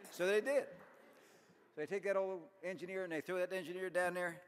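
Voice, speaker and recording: A man's voice: sits high, fairly even intonation, brisk. A middle-aged man telling folksy, self-deprecating jokes as an after-dinner speaker at a banquet. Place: large banquet hall. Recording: long hall reverb.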